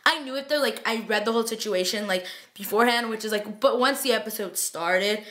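A woman's voice: on the high side, brisk, a bit bright. A young woman chatting through a TV episode recap late at night, gushing and tired, filling her talk with "like" and paraphrased quotes. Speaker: vlogger reviewing a TV episode.

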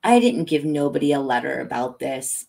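A woman reading the lines of a smug, menacing grown man who taunts calmly and matter-of-factly. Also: a bass voice, moderate pace, vocal fry, slightly rough, exaggerated voice.

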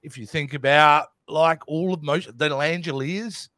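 A middle-aged Australian man co-hosting a casual film chat, playful and quick to laugh. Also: a little high, bright, forceful tone, dry recording. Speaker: co-host.

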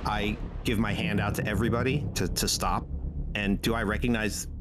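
A man's voice: lowish voice, steady tone, a little fast, heavy background noise. A man playing in a tabletop game, talking casually with the table. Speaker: player. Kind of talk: casual play.

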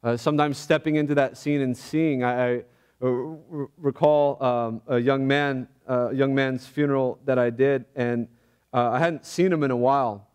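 A man's voice: mid-range voice, darkish tone, clear, resonant tone. Earnest man preaching a sermon. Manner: earnest, reflective, often halting. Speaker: pastor. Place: church.

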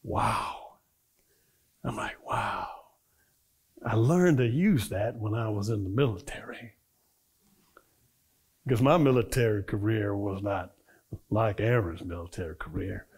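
A man's voice: lowish voice, darkish tone, slightly rough. A middle-aged man, a minister, preaching a storytelling sermon and acting out the voices of people in his stories.

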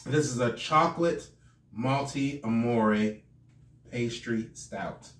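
A man co-hosting a podcast, chatting in a relaxed, playful way. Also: mid-range voice, takes it slowly, recorded from a distance. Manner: relaxed, playful, echoes his co-host. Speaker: podcast co-host. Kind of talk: casual chat. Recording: echoey room, a bit off-mic.

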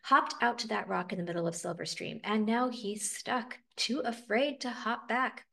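A woman doing a croaky old grandpa toad. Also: on the high side, fairly bright tone. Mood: kindly. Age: older. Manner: croaky, slow and kindly. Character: old male toad, kindly, nearsighted. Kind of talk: picture book read-aloud.

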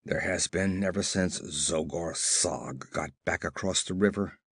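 A man doing Conan, a gruff growling barbarian. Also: deep voice, a little slow, fairly bright tone, no room sound, clean studio sound, pitched below the performer's own voice, full character voice. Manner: growling, curt. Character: gruff brawny barbarian warrior, terse and blunt. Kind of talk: audiobook character reading.

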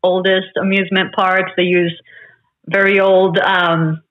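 A woman's voice: lowish voice, level tone, unhurried, dull audio. A woman from Honduras, a podcast guest, speaking in an earnest way about her life and beliefs. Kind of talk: casual interview chat.

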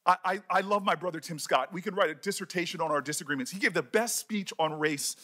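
A senator speaking at a hearing, earnest and emotional, close to tears, with halting repeated words. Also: male voice, high-pitched, sharp tone. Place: committee hearing room.

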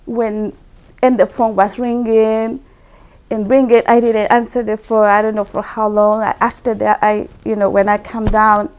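Woman guest, personal testimony, middle pitch, non-native English, earnest and repetitive. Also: flat delivery, a little slow, clear, resonant tone. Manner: earnest and emotional, repeats words for emphasis. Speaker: guest telling her conversion story.

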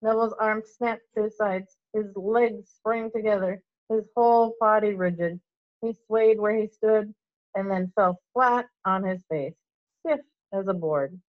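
Teacher reading a storybook aloud. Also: female voice, mid-range voice, unhurried, dry recording. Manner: steady, expressive storytelling. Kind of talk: reading a novel aloud to children. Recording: dull lo-fi recording.

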